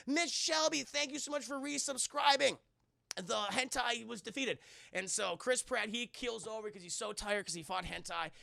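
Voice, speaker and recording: A man in his thirties giving a crude, animated film recap as a streamer who talks to his chat. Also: high-pitched, gravelly, no echo.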